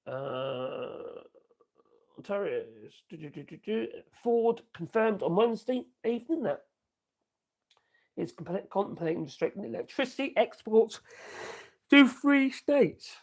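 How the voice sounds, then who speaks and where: A man's voice: high voice, lively intonation, measured pace. An older man, hosting a casual political commentary livestream and rambling chattily with asides. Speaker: livestream host.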